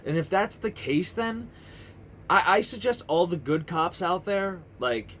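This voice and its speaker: This thirtysomething vlogger has a high-pitched, expressive, somewhat bright voice and keeps a measured pace, with slight background noise on the camera mic. His monologue is a heated, profane, rambling rant full of restarts.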